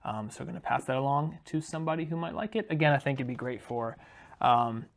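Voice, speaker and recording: A man chatting casually in a talking-head board game vlog, relaxed and unscripted with frequent ums. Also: mid-range voice, fast. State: briefly out of breath after carrying boxes. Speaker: board game video creator.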